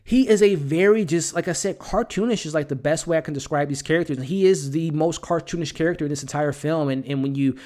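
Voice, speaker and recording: A man's voice: fairly high pitch, fast, few pauses, a little mellow. A man giving a casual spoken film review in a conversational way, with lots of fillers and repeated words, and blunt in his criticism. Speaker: movie reviewer.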